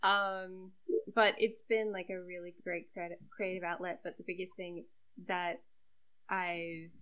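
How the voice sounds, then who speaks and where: A woman's voice: lowish voice, little pitch movement, measured pace, a bit bright, dull audio, a little hiss or hum. Chatty, self-deprecating young woman. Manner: chatty and self-deprecating, many fillers and laughs. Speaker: webcomic creator and site regular. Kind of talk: casual podcast chat.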